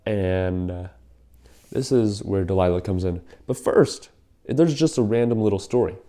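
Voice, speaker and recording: A man's voice: lowish voice, unhurried, mellow. A young man casually retelling a Bible story in a rambling, slangy way, with lots of fillers.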